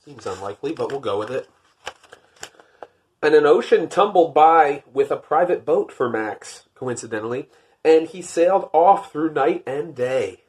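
A man reading a picture book aloud, lifting his voice for the narration and dropping to wry, deadpan jokes in between. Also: unhurried, husky. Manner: wry, deadpan joking asides; rises for narration, drops low for asides. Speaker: podcast host.

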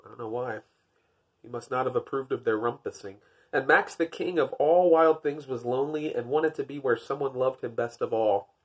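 A man's voice: medium pitch, normal speed, husky. A man reading a picture book aloud, breaking off for dry, wry, self-deprecating jokes between the pages. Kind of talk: storybook reading with joking asides.

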